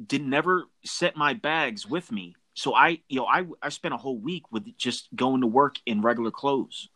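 A man in casual conversation, reminiscing in a relaxed way with slang and swearing. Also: mid-range voice, moderate pace. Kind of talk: casual chat.

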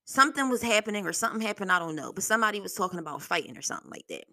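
Blunt, gravelly-voiced woman podcast host. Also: mid-range voice, very fast, no room sound, clean studio sound. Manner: blunt, profane, animated storytelling. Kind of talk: solo podcast talk.

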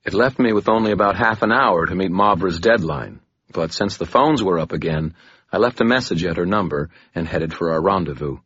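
A man narrating an audiobook in the first person, measured and brooding. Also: low voice, a bit bright, slightly rough, dry recording, dull audio.

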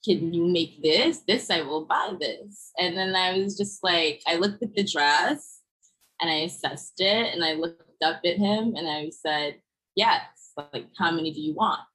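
A young woman talks casually about her work as a designer, with her words full of fillers. Her voice sits low and sounds a little husky. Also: a bit bright, rough recording. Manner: chatty, with many fillers like "like" and "you know". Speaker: fashion designer guest. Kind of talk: casual storytelling in a podcast interview.

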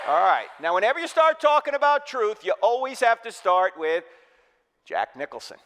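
Male church speaker from New Jersey, lively, quizzes the crowd, higher voice, reverberant hall. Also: moderate pace, slight background noise. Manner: energetic, joking, quizzes the audience. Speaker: Christian speaker. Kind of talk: humorous apologetics sermon.

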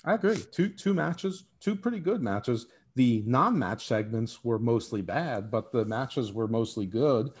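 A man guesting on a wrestling podcast, giving animated, opinionated takes and often repeating words as he starts a thought. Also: mid-range voice, measured pace, few pauses, husky. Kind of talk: casual wrestling opinion chat.

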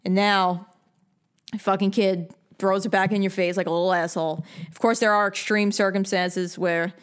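A woman's voice: mid-range voice, level tone, normal speed, clean tone. A young woman from New York giving blunt, bossy advice in a casual rant full of swearing. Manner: blunt and heavily profane; bossy, lecturing.

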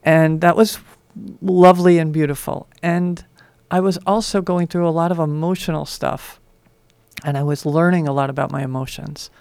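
A woman with a gravelly yet smooth voice reflects on her own experiences. She co-hosts a radio talk show, and the sound is dry and close. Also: deep voice, steady tone, normal speed, darkish tone, no room sound. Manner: reflective, personal storytelling. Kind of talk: casual spiritual talk. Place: radio studio.

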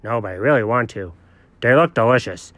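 A man's voice: mid-range voice, fairly quick, a bit bright, no room sound, pitched below the performer's own voice, lightly acted. A man voicing a dopey, mischievous pet dog who talks in a dim, sheepish drawl.

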